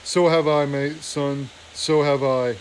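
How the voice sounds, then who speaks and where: A man reading aloud, voicing an old male abbot mouse who is dying, gentle and fatherly. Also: mid-range voice, steady tone, takes it slowly, a little hiss or hum, pitched below the performer's own voice, close to an everyday voice, rough recording. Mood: tender.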